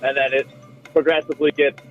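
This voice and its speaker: A man's voice: medium pitch, level tone, fast, faint music behind. A male caller phoning in to a radio show, talking in a laid-back, joking way. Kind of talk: call-in chat. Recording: dull phone-line sound.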